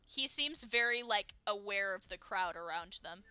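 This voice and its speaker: A woman narrating as game master of a tabletop role-playing game, lively and quick to laugh. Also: mid-range voice, clean tone, dry recording, muffled recording, faint music behind.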